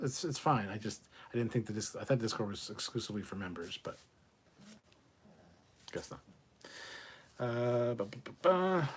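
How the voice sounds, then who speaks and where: A man's voice: mid-range voice, slightly rough. A man hosting a casual live stream, reading out and answering viewer chat messages with loose jokes and the odd swear. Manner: joking, swears, chats loosely.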